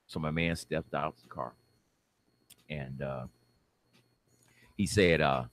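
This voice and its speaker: Deep-voiced man with lively storytelling. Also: a little slow, long pauses, no echo. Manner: animated, acts out the people in his story, laughs. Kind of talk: casual storytelling.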